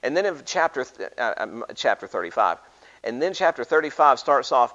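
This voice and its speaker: A man's voice: mid-range voice, big pitch swings, normal speed, a bit bright, dull audio. Conversational man teaching Bible study. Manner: conversational, frequent restarts and fillers, reads scripture aloud.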